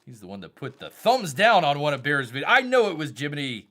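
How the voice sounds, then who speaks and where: His fairly high voice swings hugely in pitch, moving briskly with a slightly bright quality. He's a Southern man on a casual live stream, rambling, reading chat messages from viewers and calling himself by a nickname in the third person.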